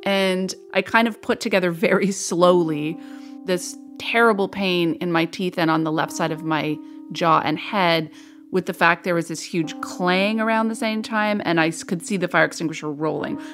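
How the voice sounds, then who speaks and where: A woman with a lowish voice tells her own story as a radio interview guest. She speaks frankly and reflectively, with a dry, wry edge. The telling is unhurried and personal. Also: steady tone, a bit bright, soft background music.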